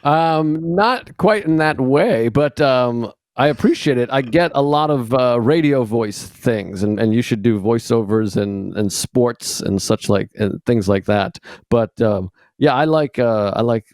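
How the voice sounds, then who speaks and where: A man, a comedian guest on a podcast, chatting casually and telling jokes in a dry, deadpan way. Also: medium pitch, measured pace, few pauses, no echo. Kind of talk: casual chat.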